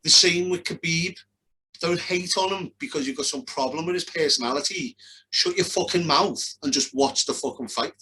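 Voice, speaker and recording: A man's voice: on the high side, normal speed, pushed and bright, husky, low-quality recording. Blunt, sweary young man ranting. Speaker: podcast co-host. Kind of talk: casual chat.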